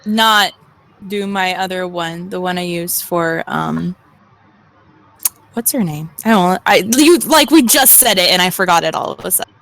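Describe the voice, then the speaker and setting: A woman's voice: lowish voice, moderate pace, vocal fry, fairly bright tone. Young woman co-streamer reading aloud. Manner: reads game narration, chatty asides. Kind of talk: casual let's-play reading of a text game.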